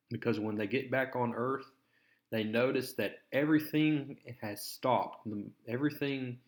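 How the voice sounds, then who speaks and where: Man, casual comic recap, slow unhurried delivery, loose filler-laden storytelling. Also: mid-range voice. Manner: relaxed, filler-heavy storytelling. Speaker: comic book reviewer.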